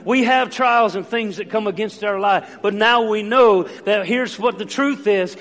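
High, forceful male pastor preaching. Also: a little slow. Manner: impassioned, repetitive calls for the congregation to join in. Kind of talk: sermon. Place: church sanctuary. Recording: long church reverb with faint music.

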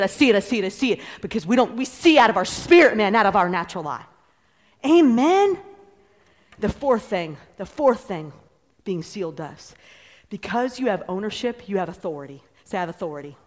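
A woman preacher giving an energetic sermon and calling on the congregation to repeat phrases, laughing often between points. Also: mid-range voice. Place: church hall with a congregation. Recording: hall reverb, faint background music.

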